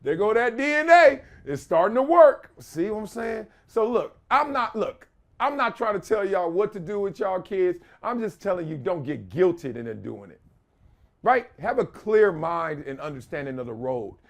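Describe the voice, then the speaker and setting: A man hosting a podcast, talking in animated casual commentary, laughing often and slipping into quick voices of other people. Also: high-pitched. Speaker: podcast host.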